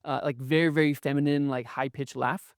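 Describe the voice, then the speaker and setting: A man co-hosting a casual podcast chat, talking conversationally and often checking in with a quick 'okay?'. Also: medium pitch, steady tone, clean tone, no room sound, studio quality. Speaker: podcast co-host.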